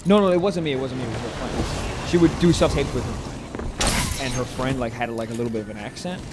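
A man's voice: mid-range voice, brisk, heavy background noise. A man co-hosting a podcast in casual chat, swearing freely as he tells stories. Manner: profane, loose storytelling. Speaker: podcast co-host.

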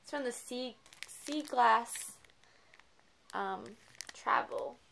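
Bright, gushing woman vlogger. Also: fairly high pitch, very slow, gravelly, slight background noise. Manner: gushing, excitable, gasping and repeating "oh my goodness". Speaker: craft vlogger opening a gift package. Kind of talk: casual unboxing chat.

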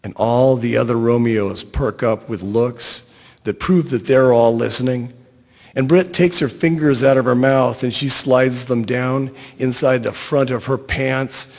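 A man reading a short story aloud in a wry, deadpan storytelling voice. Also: medium pitch, measured pace, in a large hall. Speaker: narrator.

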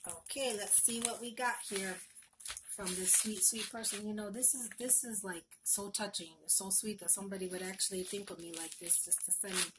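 A woman talks her way through an unboxing at home, gushing and touched, and often repeats her words. Her voice sits at a middle pitch, with steady background noise and paper crinkling behind her. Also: moderate pace. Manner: gushing, emotional, repeats herself. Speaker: crafting vlogger. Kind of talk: casual unboxing chat.

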